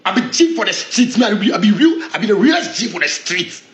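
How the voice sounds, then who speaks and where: A man's voice: sits high, big pitch swings, quick pace, reverberant. A man with a Ghanaian Pidgin English accent in a heated, defiant rant, repeating himself as he challenges someone. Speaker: street figure in a viral video. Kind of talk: confrontational rant.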